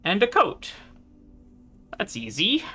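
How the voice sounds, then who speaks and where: A man's voice: high voice, wildly swooping pitch, slow pace, sharp tone, breathy edge. A man chatting casually as he live-streams a video game, thinking aloud and laughing often.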